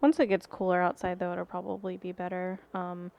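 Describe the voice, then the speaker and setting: A woman's voice: fairly low pitch, flat delivery, fairly quick, vocal fry, highs cut off. A woman co-hosting a podcast, chatting casually with frequent ums and likes. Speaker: podcast co-host. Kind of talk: casual chat.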